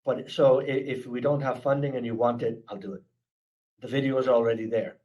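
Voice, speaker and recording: Brief: Irish East Coast man, mid-pitched, presenting a webinar, earnest and chatty. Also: flat delivery, a little fast, darkish tone, dull audio. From Ireland. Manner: earnest, chatty, with frequent restarts and fillers. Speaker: speaker presenting a security awareness program. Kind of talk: webinar talk with audience questions.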